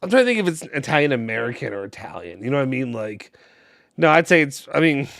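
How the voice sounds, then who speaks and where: A man's voice: medium pitch, very animated, fast, gravelly, fairly bright tone, no echo, clean studio sound. A young man co-hosting a fan live stream, joking and teasing with a laugh in casual chat. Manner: playful, laughs often, teasing.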